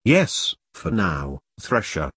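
Man putting on a pompous hulking male cult lord, booming, theatrical, husky, dry. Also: sing-song, slow, a bit bright, dry recording, full character voice. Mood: contemptuous.

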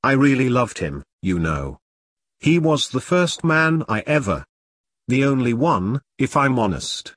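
A man's voice: mid-range voice, big pitch swings, unhurried, a bit bright, no echo. A man voicing a fierce, one-armed woman who is an ex-soldier and activist, talking bluntly and defiantly in an audiobook. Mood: wistful. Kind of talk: audiobook character reading.

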